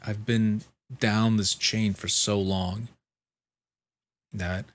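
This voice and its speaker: A man, sick with a fever and clearing his throat, telling a profane, exasperated story in casual chat and mimicking the people he spoke to. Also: fairly low pitch, level tone, extremely slow. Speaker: vlogger.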